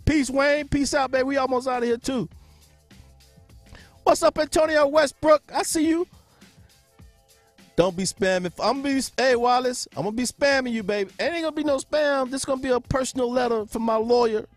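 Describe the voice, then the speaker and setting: A man with a high-pitched voice hosts a sports podcast in loose live-stream chat, cracking jokes and laughing often. He calls out viewers by name. Faint music plays in the background. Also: normal speed, no room sound. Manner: joking, laughs often, greets chatters by name.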